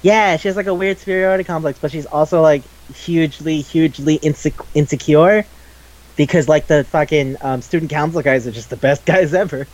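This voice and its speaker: A man's voice: a little high, fairly quick, darkish tone, muffled recording. A young adult man hosting a podcast, chatting casually and animatedly, laughing often and swearing freely. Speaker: podcast host. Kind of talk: casual chat.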